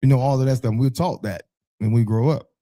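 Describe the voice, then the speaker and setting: Alabama-accented man, warm and mellow, dry close sound, measured talker. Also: medium pitch, fairly even intonation, no echo. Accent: Alabama Southern US. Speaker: radio show co-host. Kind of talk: casual chat.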